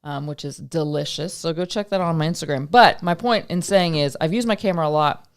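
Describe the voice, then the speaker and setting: A woman co-hosting a casual livestream chat, talkative and quick to laugh. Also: low voice. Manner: chatty, laughs easily. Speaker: livestream co-host.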